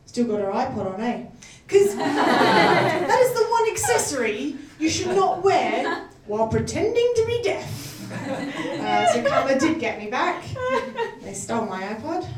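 A woman's voice: very high-pitched, very animated, takes it slowly, crowd noise. A woman performing a stand-up comedy set, self-deprecating and often laughing through her lines. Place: live comedy venue. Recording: echoey room heard from a distance.

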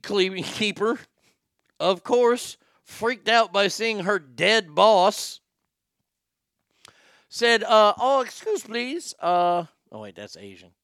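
A man's voice: high-pitched, bright, forceful tone, dry recording, clean studio sound. A man hosting a show, telling crude news stories in a sarcastic, joking way. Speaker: host. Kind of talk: casual comedic news commentary.

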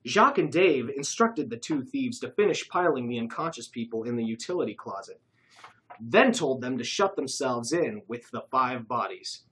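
A storybook narrator with a bright, clear tone and a lively, rising and falling delivery. The reading is expressive and well paced, carrying a comic caper along with animated pitch. It sounds like a scripted reading. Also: moderate pace, slight background noise, rough recording.

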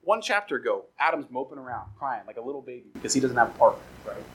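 A man preaching a sermon, animated and acting out quoted voices as he goes. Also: medium pitch, fast, a little hiss or hum, low-quality recording. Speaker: pastor.

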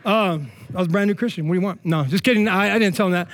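A male pastor giving a sermon in a lively, joking, conversational way. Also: high voice, very fast, few pauses.

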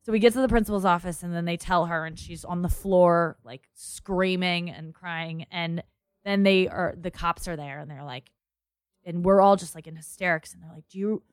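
A woman's voice: lowish voice, normal speed, clean tone, dry recording, clean studio sound. A young adult woman in a casual chat, telling a long personal story and quoting the people in it.

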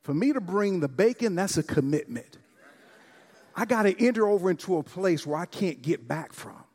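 A man's voice: sits high, animated, normal speed, darkish tone. A male preacher voicing a plainspoken male pig in a spoken farm story, close to his own voice. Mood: solemn. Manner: plainspoken, blunt. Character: grumpy, then solemn male farm pig.

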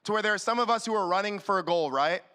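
A man preaching a sermon as youth pastor, animated and acting out quick little voices to the room. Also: sits high, clean tone. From California.

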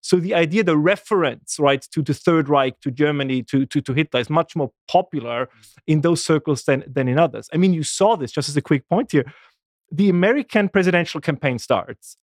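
A man, a guest making lively, animated arguments in a casual political discussion. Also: a little high, a little fast, dry recording, clean studio sound. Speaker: guest commentator.

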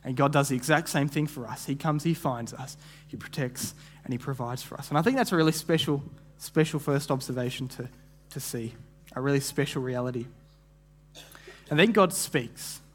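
A man's voice: medium pitch, a little hiss or hum. A man giving a sermon as a guest preacher, earnest and often restarting phrases, now and then acting out what people might have said. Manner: acts out imagined voices in quick asides.

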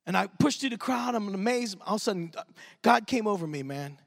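A man preaching a sermon at a church service, telling stories in an animated, emphatic way as a youth pastor. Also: high voice, brisk, vocal fry. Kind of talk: sermon storytelling.

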